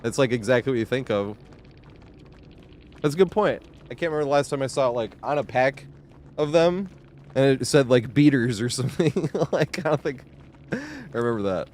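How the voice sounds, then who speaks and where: A man in his thirties from the New York area rambles to a live stream audience. He laughs often and swears freely, keeping his voice at an ordinary middle pitch. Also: animated, normal speed, long pauses, a little mellow, slight background noise. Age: 30s. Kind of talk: casual live-stream chat.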